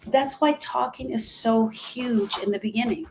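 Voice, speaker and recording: A woman's voice: a little high, unhurried, noisy background. A woman talking earnestly as a grief coach on a live stream, repeating phrases for emphasis.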